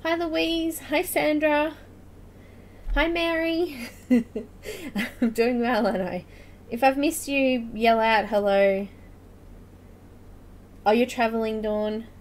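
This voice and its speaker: A woman's voice: fairly high pitch, fairly even intonation, takes it slowly, pauses often, slight background noise. A woman hosting a live coloring tutorial stream, chatting casually, laughing often and greeting viewers by name. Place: home room with air conditioner running.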